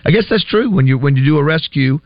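A man's voice: on the high side, expressive, fast, no echo, muffled recording. A man hosting a casual radio show, chatting and reading listener messages in a rambling way. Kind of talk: casual morning radio banter.

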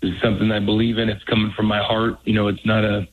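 A man, a college football head coach, talking earnestly on a radio call, halting with many restarts. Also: lowish voice, flat delivery, slightly rough. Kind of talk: phone-in radio interview. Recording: tinny phone line.

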